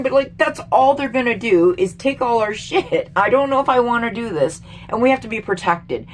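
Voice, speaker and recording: A woman's voice: fairly high pitch, a little hiss or hum. Heated middle-aged Canadian woman ranting. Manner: heated, swearing, exasperated. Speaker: vlogger. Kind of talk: angry political rant to camera.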